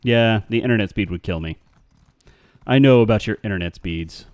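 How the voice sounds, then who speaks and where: A man's voice: on the low side, normal speed, darkish tone, dry recording. A man chatting casually on a live game stream, rambling and answering his chat.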